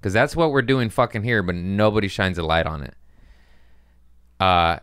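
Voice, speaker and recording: Low-voiced man in a profane comedic rant. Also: lively intonation, moderate pace, fairly bright tone, clear, resonant tone, no room sound, studio quality. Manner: loose and profane, jokey. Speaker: comedian and podcast host. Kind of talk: casual comedic podcast rant.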